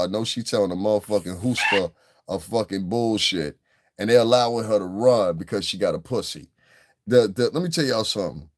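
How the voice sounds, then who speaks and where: A middle-aged man giving casual, profane reaction commentary in a mocking, animated way. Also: lowish voice. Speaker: commentary vlogger.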